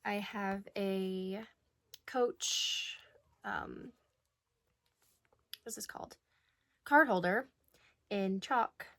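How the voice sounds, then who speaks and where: A woman's voice: mid-range voice, fairly bright tone, a little hiss or hum. A woman vlogger chatting casually and rambling as she gets ready for an event. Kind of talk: casual get-ready-with-me chat.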